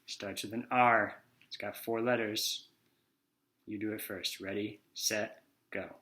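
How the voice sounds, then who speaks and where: A man's voice: lowish voice, steady tone, pushed and bright. A man teaching a children's phonics lesson, sounding out letters one by one and acting out each word. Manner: slow, sounds out letters and acts out words.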